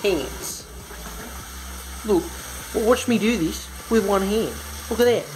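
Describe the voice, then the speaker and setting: A young man from Australia, high-voiced and slow-paced, rambles through a casual cooking vlog in a put-on American accent, joking about himself. He films in his home kitchen on a handheld phone, with faint music, sizzling bacon, and slight background noise in a poor-quality recording.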